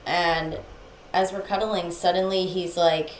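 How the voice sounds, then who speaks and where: Give me a young woman with a lowish voice, co-hosting a podcast and telling a story in casual chat. She acts out the other people's lines with animation. The room is echoey, with a faint hiss behind her. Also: a little slow. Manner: animated, acts out quoted speech. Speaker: podcast co-host.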